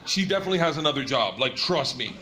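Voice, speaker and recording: A man's voice: mid-range voice, expressive, fast talker, very noisy. A man in his thirties doing a stand-up routine before a live audience, telling a profane story with laughing asides. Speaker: stand-up comedian.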